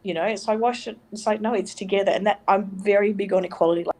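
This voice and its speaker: A woman's voice: mid-range voice, steady tone, fast, darkish tone. Earnest rambling woman guest. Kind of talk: casual spiritual chat.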